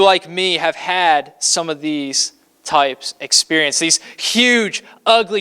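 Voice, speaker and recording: Male pastor from Kentucky, chatty sermon delivery, smooth resonant tone, slightly high voice. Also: bright, forceful tone. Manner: conversational, with frequent fillers; acts out scripture quotes dramatically.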